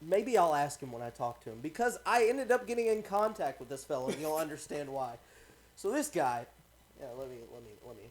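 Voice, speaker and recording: A young man hosting a podcast, telling a story in a casual, animated way, laughing often and swearing freely. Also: a little high, fairly quick. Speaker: podcast host.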